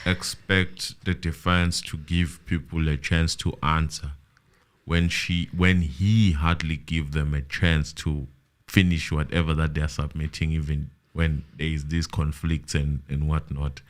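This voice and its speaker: A man's voice: very deep voice, steady tone, measured pace. A man in casual chat, critical, stumbling over repeated words as he makes his point.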